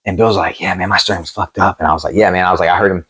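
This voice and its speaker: A man in his thirties with a fairly low voice tells rough gym stories from his fighting days. He swears freely and jumps into the voices of the people he quotes. It sounds like a relaxed sit-down interview. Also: racing. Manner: animated, profane, acts out quotes. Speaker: MMA promoter and former fighter, guest. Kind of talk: casual storytelling interview.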